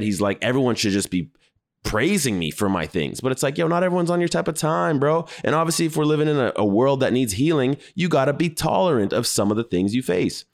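A man giving casual reaction commentary on clips, talking bluntly and conversationally with frequent swearing. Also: mid-range voice.

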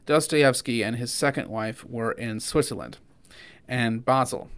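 Guy cohosting a podcast, mid-pitched voice, earnest and kinda halting, lots of restarts. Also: clean tone. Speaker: podcast co-host. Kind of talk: casual conversational podcast.

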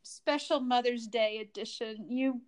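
A woman's voice: on the high side, fairly even intonation, a little slow, smooth. A middle-aged woman hosting a podcast, chatting casually and enthusiastically. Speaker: podcast host. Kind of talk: casual chat.

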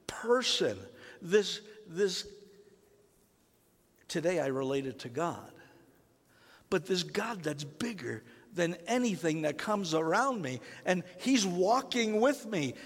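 Man preaching in a reverberant hall. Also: high voice. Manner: conversational, engages the congregation with questions. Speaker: pastor. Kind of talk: sermon with personal storytelling.

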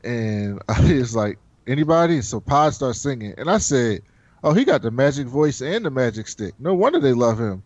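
A man's voice: medium pitch, normal speed, dry recording. A man talking casually with a friend, telling a long story and jumping into voices for each person in it. The sound is dry and close, with a slightly dull, lo-fi quality. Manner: animated storyteller acting out characters' lines. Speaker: podcast co-host recapping a TV episode. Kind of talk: casual chat.

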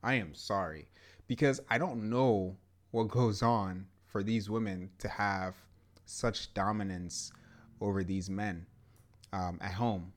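A man's voice: on the low side, fairly even intonation, slow pace. A young man co-hosting a podcast, talking casually and emphatically, often repeating "yeah" and "to be honest". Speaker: podcast co-host. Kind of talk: casual chat.

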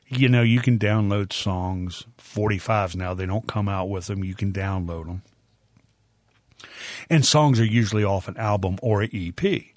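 Slow, folksy older man hosting. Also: on the low side, no room sound, studio quality. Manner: unhurried, folksy and chatty. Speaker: music show host. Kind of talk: casual spoken introduction of music.

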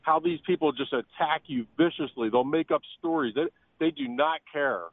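A man calling into a radio show, excited and stumbling over words. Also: fairly high pitch, moderate pace, no room sound. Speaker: radio caller. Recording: dry tinny phone line.

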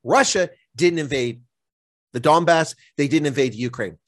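A man's voice: a little high, moderate pace, dry recording. Indignant man arguing politics. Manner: indignant, impassioned, emphatic. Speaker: guest commentator. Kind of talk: political interview.

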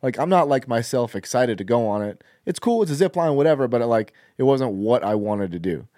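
A man's voice: medium pitch, lively intonation, brisk, dark tone, dry recording, studio quality. A man co-hosting a podcast in casual chat, laid-back and slangy, swearing often. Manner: laid-back slang, says "dude" and "bro" constantly, swears. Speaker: podcast co-host.

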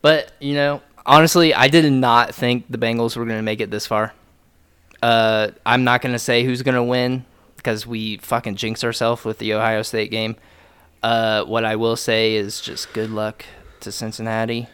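Low gravelly guy doing a fake country drawl on a podcast, smooth and dry sound. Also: level tone, moderate pace, a bit bright, dry recording. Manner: putting on a joking country accent; loose, swearing banter. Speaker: podcast co-host. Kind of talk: casual chat.

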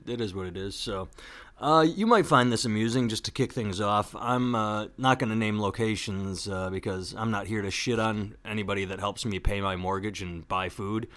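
Man, low voice, rambling joking podcast host, casual chat. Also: normal speed, a bit bright.

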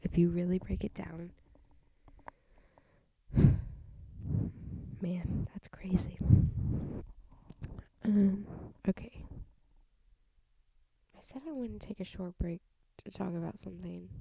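A woman's voice: lowish voice, steady tone, slow pace, vocal fry, long pauses, dark tone, slight background noise. A young woman with a stuffy nose hosting a casual solo podcast, rambling with half-whispered asides into a home mic. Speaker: podcast host.

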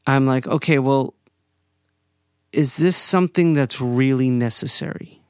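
A man in his forties telling a personal story in a casual, animated way, sometimes profane and heated. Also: medium pitch, a little slow, clear, resonant tone, dry recording, studio quality. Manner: animated, profane, rising to anger.

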